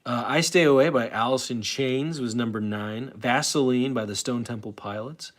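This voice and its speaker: A man's voice: mid-range voice, moderate pace. A man in his late forties hosting a live stream, chatting casually in a rambling, self-interrupting way and answering chat. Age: late 40s.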